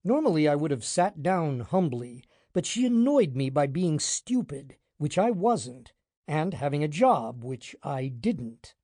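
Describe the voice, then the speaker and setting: A man narrating a hard-boiled detective audiobook in the first person, wry and deadpan. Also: fairly high pitch, a little slow, no echo, clean studio sound.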